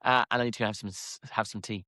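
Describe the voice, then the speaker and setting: A man's voice: on the low side, steady tone, rapid-fire, bright, forceful tone, no echo, clean studio sound. A man co-hosting a podcast in casual chat, chatty and hesitant with frequent restarts. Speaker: podcast co-host.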